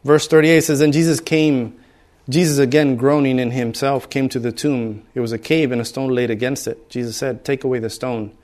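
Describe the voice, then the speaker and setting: A man's voice: mid-range voice, steady tone, normal speed, darkish tone. A middle-aged man preaching a sermon in a conversational way, acting out bystanders with humor. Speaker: pastor.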